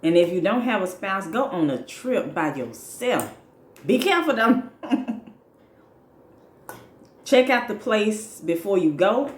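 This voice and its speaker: A woman's voice: mid-range voice, very animated, slow, long pauses. A woman talking casually about self-care during a mukbang, repeating her points and laughing between lines. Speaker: mukbang vlogger. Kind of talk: casual advice talk while eating. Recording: echoey room with faint noise.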